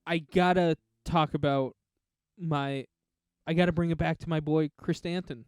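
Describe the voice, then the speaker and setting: A young man co-hosting a casual podcast chat, animated and laughing often, slipping into quick impressions. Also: on the high side, smooth, no echo, clean studio sound. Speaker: podcast co-host.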